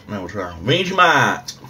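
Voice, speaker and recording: Lowish male, deadpan self-mocking food vlogger, phone mic, faint room noise. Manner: dry, offhand, self-mocking. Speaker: food reviewer. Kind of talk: casual food review vlog. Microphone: overhead phone camera.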